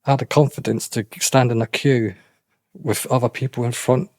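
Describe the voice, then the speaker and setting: Middle-aged man, interview guest; halting, restarts a lot, dry close mic. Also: medium pitch, steady tone, darkish tone, no echo. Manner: halting, repeats himself, many restarts. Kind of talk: emotional personal account.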